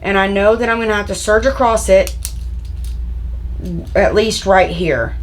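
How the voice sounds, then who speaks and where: A woman's voice: medium pitch, a little slow, a little hiss or hum, low-quality recording. An older woman with a Southern US accent, chatting folksy and casual through a home sewing tutorial, calling her viewers y'all. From Tennessee, USA. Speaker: sewing channel host.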